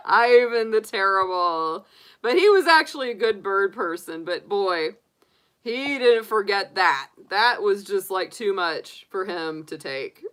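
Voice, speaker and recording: A woman's voice: mid-range voice, lively intonation, unhurried, fairly bright tone, smooth. A woman reading tarot, chatting casually to her viewers and telling a rambling story, laughing often. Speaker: tarot reader and astrologer. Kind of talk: casual storytelling to a live chat.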